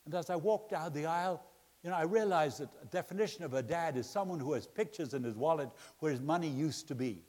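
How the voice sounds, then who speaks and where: A middle-aged male pastor preaching a sermon in a large church auditorium, his voice ringing with a long hall reverb. He sits a little above the usual male pitch and tells jokes and family stories with the timing of a seasoned speaker. He moves from loud, laughing excitement into quiet, earnest appeals to the congregation. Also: fast talker. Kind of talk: sermon with humorous storytelling.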